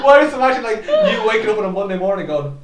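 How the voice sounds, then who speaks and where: A man's voice: high-pitched, big pitch swings, quick pace, very noisy. A man co-hosting a podcast, laughing, swearing and teasing in casual chat. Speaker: podcast co-host. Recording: echoey room, distant mic.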